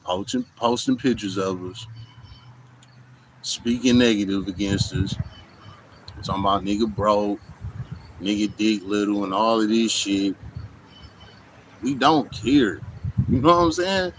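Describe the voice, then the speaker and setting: A man's voice: on the low side, a little slow, long pauses, slight background noise, low-quality recording. Blunt, profane man talking outdoors. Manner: blunt, profane, repeats "you know what I'm saying". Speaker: vlogger. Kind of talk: casual monologue to camera. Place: outdoors in hot weather.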